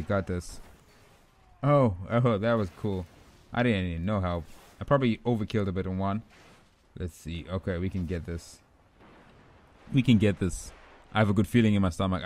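A young man giving rambling, excitable commentary over his own gameplay, trash-talking opponents and himself. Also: sits low. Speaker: gaming YouTuber.

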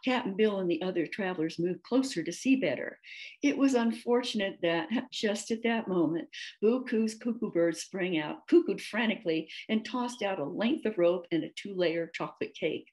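A woman author reading her own storybook aloud, measured and gentle. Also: medium pitch, rough recording. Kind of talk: storybook read-aloud narration.

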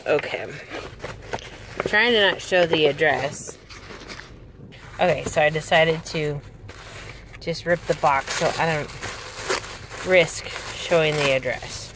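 A woman chatting casually and gushing excitedly while unboxing a gift, recorded on a handheld camera inside a car. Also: sits low, slow pace, long pauses, noisy background. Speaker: reborn doll vlogger. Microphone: handheld camera, no tripod.

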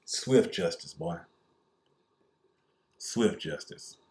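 A man voicing a menacing white Southern lynch-mob man with a put-on Southern accent and a slow, menacing drawl. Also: medium pitch, very animated, vocal fry, darkish tone, full character voice.

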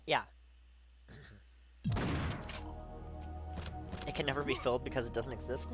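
A man in his thirties who is stoned, giving rambling, digressive gameplay commentary with excited outbursts. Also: mid-range voice, measured pace, pauses often. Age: 30s. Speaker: video game streamer. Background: game music.

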